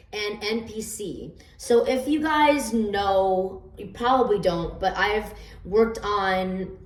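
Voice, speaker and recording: A woman casually explaining her homemade oracle cards, rambling with fillers and stammered restarts. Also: medium pitch. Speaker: oracle card reader. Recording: roomy echo, distant from the mic.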